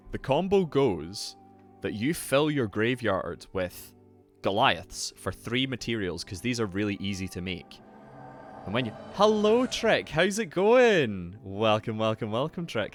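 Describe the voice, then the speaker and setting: A young man hosting a casual live stream, excitable, swearing freely and greeting his chat. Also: on the low side. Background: faint lo-fi music.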